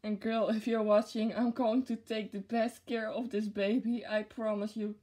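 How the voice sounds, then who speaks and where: A young woman chats through an unboxing for her vlog, gushing and giggly. Her voice sits fairly high but sounds soft and mellow, with a breathy, husky edge. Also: little pitch movement, normal speed. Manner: gushing and giggly, with frequent laughs. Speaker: vlogger showing a plush unboxing. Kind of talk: casual unboxing chat to camera.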